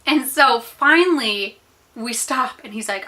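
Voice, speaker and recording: Bright-voiced chatty American woman. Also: a little high, normal speed. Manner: animated, chatty, many fillers. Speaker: vlogger. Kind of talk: storytime chat while eating.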